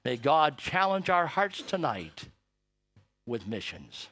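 An older man preaching a sermon, telling an emotional story and building to loud, forceful emphasis. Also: on the high side, sing-song, takes it slowly, no room sound. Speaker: missionary preacher.

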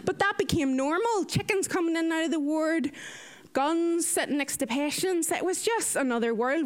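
A young woman, a nurse telling stories from her mission work in a lively talk with slides. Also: high-pitched. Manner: lively, animated storytelling with acted-out quotes.

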